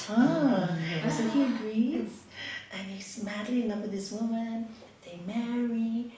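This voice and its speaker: A woman yoga teacher giving an expressive spiritual talk, telling a story in a meditation hall. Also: on the high side, unhurried, slight background noise. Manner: expressive, lively, with laughs and hushed asides. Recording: echoey room from a distant mic.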